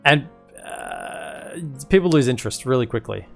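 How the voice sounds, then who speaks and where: A man's voice: mid-range voice, huge pitch swings, normal speed, gravelly, faint music behind. A man casually commentating his live strategy game stream, rambling and chatty with lots of fillers.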